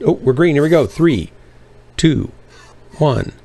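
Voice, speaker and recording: A man's voice: fairly high pitch, animated, slow, vocal fry, dark tone. A man streaming a mech game, chatting casually and playfully with teammates. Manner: playful, hums and scats while waiting. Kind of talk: casual gaming chat with teammates.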